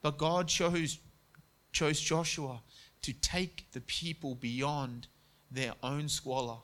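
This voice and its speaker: A man preaching a sermon in a conversational way, dropping to soft, quiet tones when he speaks God's words. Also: fairly high pitch. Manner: conversational preaching, quotes God and Joshua, drops to soft tones.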